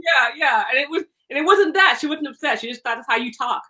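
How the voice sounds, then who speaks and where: A high, bright woman talking in a loose, lively conversational way. She tells stories with plenty of likes, restarts and bursts of laughter, speaking as a casual interview guest. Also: fast. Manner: animated storyteller, many likes and restarts, laughs often. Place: lives on the East Coast, away from LA.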